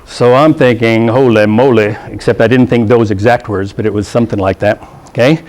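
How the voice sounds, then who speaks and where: Speaking a little fast in a medium-pitched, darkish voice with fairly even intonation, a middle-aged man lectures football officials on the rules in a meeting room. He's blunt and funny, checks in with "okay?", and does comic voices for the coaches in his stories.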